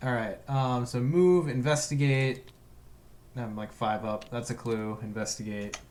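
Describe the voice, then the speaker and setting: Man, laid-back podcast co-host, thoughtful, quick to laugh. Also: mid-range voice, fairly even intonation, a little mellow, a little hiss or hum. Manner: easygoing, reflective, laughs easily. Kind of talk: casual game-play chat.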